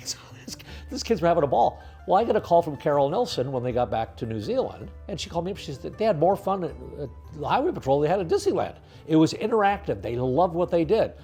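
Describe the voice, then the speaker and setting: An older man, a retired highway patrol officer, telling stories in an interview in a lively way. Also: brisk, soft background music. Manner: lively storyteller, acts out voices in quotes. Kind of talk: storytelling interview.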